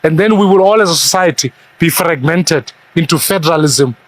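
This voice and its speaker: Man, high voice, emphatic commentator on a news panel, argumentative delivery. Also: brisk.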